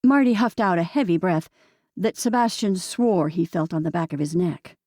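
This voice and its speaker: A woman narrating an audiobook in a calm, steady storytelling manner. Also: on the low side, normal speed, no room sound, clean studio sound. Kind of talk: scripted narration.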